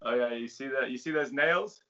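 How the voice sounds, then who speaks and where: A man talks loosely and jokes at his own expense as a podcast guest. His voice sits at a middling pitch for a man. It comes through a cheap hanging mic on a call, so the sound is dull and lo-fi. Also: moderate pace. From South Africa. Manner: relaxed, joking, self-mocking. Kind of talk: casual chat. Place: home room, on a video call. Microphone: cheap USB mic hung from its cord.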